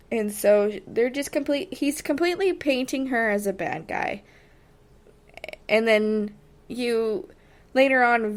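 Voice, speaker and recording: A woman hosting a solo podcast, giving a chatty, casual recap with frequent fillers and animated asides. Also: medium pitch. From Texas. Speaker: podcast host.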